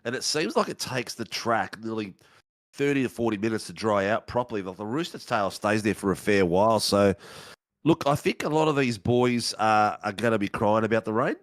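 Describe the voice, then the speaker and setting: A man's voice: lowish voice, lively intonation, a little fast, no room sound. A man co-commentating a sim race in a laid-back, matter-of-fact way.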